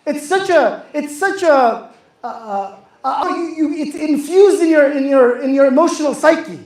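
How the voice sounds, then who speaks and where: High-voiced man preaching in an echoey hall. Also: lively intonation, measured pace. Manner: impassioned storytelling, repeats phrases, asks the audience questions. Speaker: youth speaker. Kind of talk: religious talk to a youth audience. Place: youth center hall.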